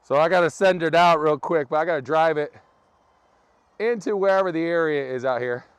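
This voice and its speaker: A man with a fairly high voice hosts a live stream outdoors in bitter cold, talking casually to his viewers and laughing often. His voice comes through dry and close, with no room echo. He is recorded on a camera set up on a tripod. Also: fairly quick, smooth. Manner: chatty, laughs a lot, talks to viewers. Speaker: livestream host. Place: outdoors in freezing wind and snow.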